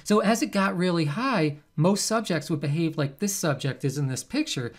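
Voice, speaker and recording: A man, a psychology professor, giving a recorded lecture in a conversational, animated way. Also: a little high, normal speed. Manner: conversational, animated, acts out quoted subjects.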